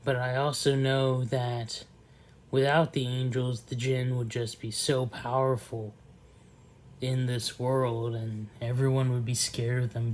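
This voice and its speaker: A man drifts through a rambling vlog monologue in an unhurried, drawn-out way. His voice stays level and narrow in pitch, soft-spoken, and keeps trailing off into pauses. A faint hiss runs underneath. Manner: slow, soft and trailing, with frequent fillers. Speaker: vlogger.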